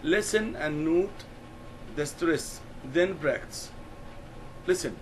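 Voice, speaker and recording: Male English teacher, very slow, deliberate, repeats key words for the class. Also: fairly high pitch, expressive, a little hiss or hum, poor audio. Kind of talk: classroom lesson explanation.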